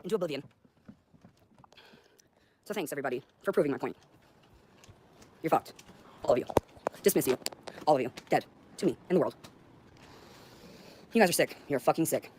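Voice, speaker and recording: A woman's voice: sits low, animated, moderate pace, long pauses, darkish tone, slight background noise. A woman in her thirties from the United States, livestreaming in an agitated, profane and accusatory manner. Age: 30s. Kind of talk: confrontational livestream rant.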